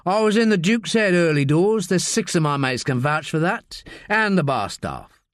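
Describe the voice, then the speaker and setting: A man's voice: fairly high pitch, very animated, moderate pace, no echo, clean studio sound. A man voicing a tough, threatening family man with a thick London accent, in an audiobook reading. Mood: gruff. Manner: blunt, brash, threatening.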